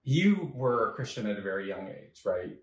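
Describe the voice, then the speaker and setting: A man hosting a casual interview in his apartment, reacting eagerly and asking quick follow-up questions. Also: lowish voice, very animated, reverberant, far from the mic. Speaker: host.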